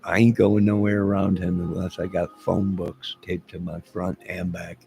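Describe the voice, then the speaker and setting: A man's voice: low voice, little pitch movement, moderate pace, vocal fry, warm tone. A man talking to his camera in a rambling casual monologue, telling a story with asides and chuckles. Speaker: vlogger.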